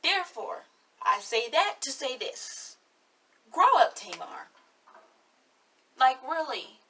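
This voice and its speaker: A woman's voice: sits high, sing-song, takes it slowly, sharp tone, breathy edge, far from the mic. An eighteen-year-old woman giving sassy, blunt, chatty commentary on a reality show in her vlog. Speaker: vlogger.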